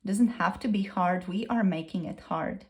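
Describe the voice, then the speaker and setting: A woman's voice: medium pitch, normal speed. A woman tarot reader speaking a channeled message in the first person, earnest and gushing, repeating herself.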